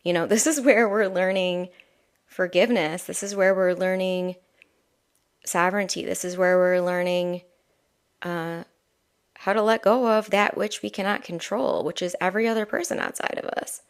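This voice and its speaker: A woman giving a live-streamed spiritual oracle reading, talking softly and chattily with many fillers and asides. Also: fairly low pitch, fairly even intonation, normal speed, clean tone.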